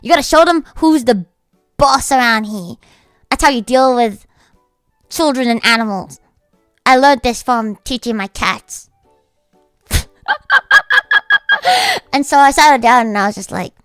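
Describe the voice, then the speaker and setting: Woman streamer, higher voice, dry close sound, swears freely while ranting, faint music underneath. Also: a little slow, long pauses, a bit bright, clear, resonant tone, no room sound. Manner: blunt, profane, ranting storyteller. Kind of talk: casual livestream chat.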